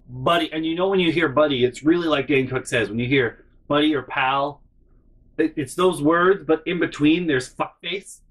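A man telling a funny story in a profane, animated way, acting out the people in it. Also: medium pitch, slightly rough, rough recording. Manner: animated, profane, acts out every character. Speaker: storytelling comedy vlogger. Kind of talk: comedic storytelling.

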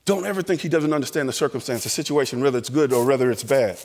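A man telling lively family stories in a chapel sermon, acting out the voices. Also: medium pitch, rapid-fire, in a large hall. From American South. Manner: animated storyteller acting out voices. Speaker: chapel speaker. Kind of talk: storytelling sermon. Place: college chapel.

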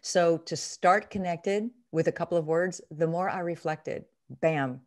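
A middle-aged woman with a low voice coaches a listener through a reading technique. She talks emphatically, often acting out examples as she teaches. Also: unhurried. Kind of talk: instructional interview.

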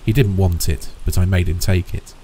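A man's voice: low-pitched, fairly even intonation, normal speed, mellow, slight background noise, natural voice. A man voicing an eager, inquisitive elderly homeowner who keeps asking questions. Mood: curious.

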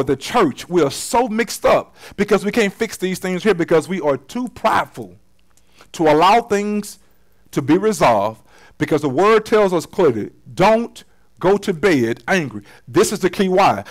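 Male pastor, high voice, conversational church sermon, loud-to-soft swings. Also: animated, normal speed, low-quality recording. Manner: conversational preaching with slang, swings from loud to hushed. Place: church sanctuary.

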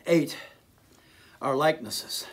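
A man preaching a fiery sermon as an evangelist, often shouting and repeating his phrases. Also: a little high, animated, slow pace.

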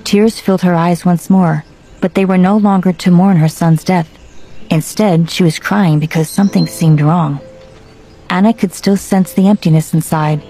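A woman narrating a story aloud in a steady, even way, with faint music behind her. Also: on the low side. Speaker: audiobook narrator. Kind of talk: scripted narration.

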